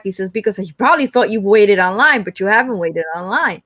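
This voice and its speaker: A woman co-hosting a livestream, telling a lively story in casual chat and acting out the quoted lines with big jumps in pitch. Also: normal speed, hardly any pauses, no echo. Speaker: livestream co-host.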